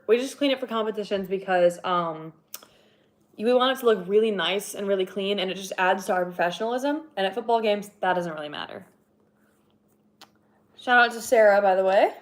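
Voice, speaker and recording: A young woman in casual livestream chat, talking in loose, rambling sentences full of fillers and easy laughs. Her voice sits at an ordinary middle pitch and has a slightly breathless edge, as if she has been talking a lot. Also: normal speed. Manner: chatty, rambling, laughs often, many fillers. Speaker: livestreamer and horn player.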